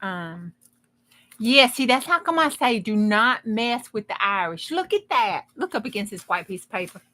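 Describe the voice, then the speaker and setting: Woman, crafting livestream host, casual rambling chat, folksy jokes, bright forceful voice. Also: mid-range voice. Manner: chatty, rambling, folksy humor.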